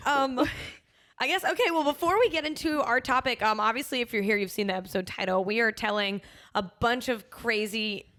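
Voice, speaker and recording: A young woman co-hosting a podcast, telling stories in an animated way with lots of "like". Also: on the high side, fairly quick. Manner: animated storyteller, full of "like". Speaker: podcast co-host. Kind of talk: casual chat.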